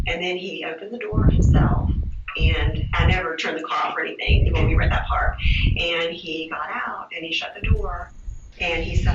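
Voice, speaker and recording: A woman's voice: lowish voice, steady tone. Distressed woman on a distant, echoey recording. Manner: halting, restarting, distressed retelling. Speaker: interviewee giving a police statement. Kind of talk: recorded police interview. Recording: distant, echoey, lo-fi room recording with loud hiss.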